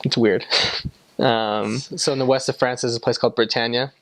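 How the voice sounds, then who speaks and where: A man's voice: medium pitch, fairly even intonation, moderate pace. A young man from the United States, a former missionary, answering interview questions in a chatty way with lots of fillers.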